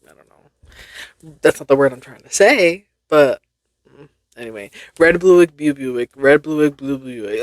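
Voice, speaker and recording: A woman's voice: rumbling low, a little slow, pauses often, no room sound, studio quality. A young woman hosting a casual solo podcast, reading tongue twisters aloud and laughing at her own stumbles. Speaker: podcast host.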